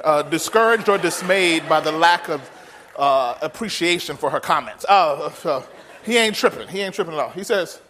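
A man preaching a sermon in a folksy, humorous, animated way. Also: on the high side, moderate pace, a little hiss or hum. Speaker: pastor.

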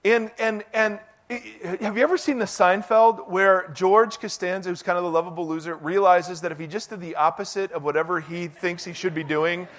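A middle-aged male pastor preaching a sermon in a conversational, self-deprecating, animated way. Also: high-pitched, normal speed.

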